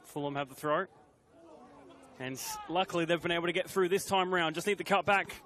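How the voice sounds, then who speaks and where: A man doing live play-by-play commentary on a football match, calling the action in brisk, clipped phrases that lift with the play. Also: high-pitched, fairly bright tone, some chatter behind.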